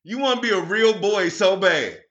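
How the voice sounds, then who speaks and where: A man co-hosting a casual podcast, telling profane stories in an animated way with frequent laughter, on dull lo-fi audio. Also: sits high, normal speed. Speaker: podcast co-host. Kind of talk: casual comedic chat.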